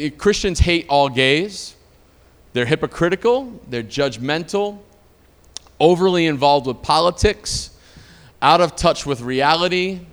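A man's voice: on the high side, a bit bright. A man preaching a sermon as a pastor, telling stories conversationally and building to emphatic peaks. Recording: long hall reverb.

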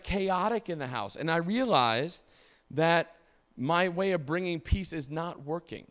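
A man's voice: medium pitch, smooth. A middle-aged male pastor preaching a conversational sermon, casual and full of fillers and restarts, often asking the congregation questions.

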